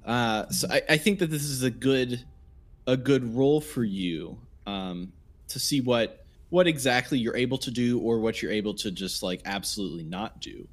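A man's voice: medium pitch, moderate pace. A man narrating as game master of a tabletop role-play game, rambling with many fillers.

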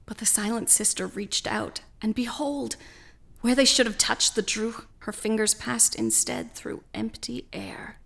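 Casting note: woman storyteller for scripted narration, measured pace, gravelly texture. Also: a little high, fairly bright tone.

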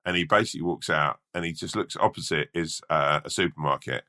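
A man with a very deep voice talks briskly, sounding pushed and bright. Co-hosting a podcast, he tells a rambling story packed with fillers and swearing in a casual, chatty way.

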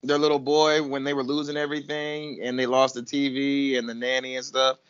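Male co-host, relaxed and conversational, dry muffled recording. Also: mid-range voice, fairly quick, smooth, dry recording. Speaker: podcast co-host. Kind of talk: casual chat. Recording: dry, dull lo-fi sound.

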